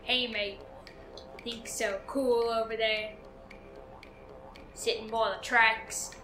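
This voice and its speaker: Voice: medium pitch, level tone, slow pace, over music, close to an everyday voice. A performer voicing a dopey male character doing an overacted, fake Australian accent as a public safety warning, in an echoey room. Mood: shouting warning. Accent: put-on Australian. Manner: shouty, overacted.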